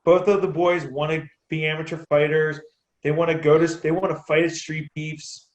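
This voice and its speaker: A man with a slightly raised voice tells stories about coaching kids at his boxing gym. His talk is animated and full of laughs and restarts. The room around him rings with echo. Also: on the high side, moderate pace. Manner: animated, laughs between anecdotes, restarts sentences. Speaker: amateur boxer and youth boxing coach. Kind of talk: casual interview storytelling. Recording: roomy echo.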